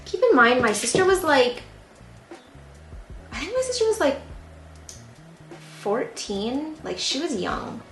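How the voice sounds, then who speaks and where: Tipsy girl telling a story, kinda high voice, echoey room with music playing. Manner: animated, filler-heavy "like" storytelling. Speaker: plant vlogger. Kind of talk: casual storytelling. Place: room at home while repotting plants.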